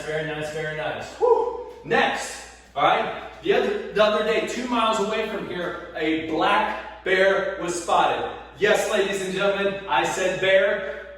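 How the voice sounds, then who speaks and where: Man, PE teacher, high voice, whooping and counting reps, echoey garage, far from the mic. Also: fairly bright tone. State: sweating, winded during exercises. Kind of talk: energetic home workout instruction. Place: hot home garage.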